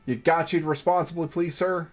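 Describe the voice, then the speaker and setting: A man's voice: on the high side, steady tone, normal speed, faint music behind. A man hosting a gaming livestream, reading game text aloud between profane, self-mocking banter and exasperated outbursts.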